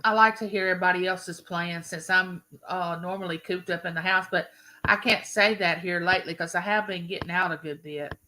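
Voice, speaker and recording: A woman's voice: lowish voice, fairly even intonation, fairly quick, pushed and bright, a little hiss or hum, low-quality recording. An older woman from Mississippi, hosting a rambling live stream and greeting viewers by name.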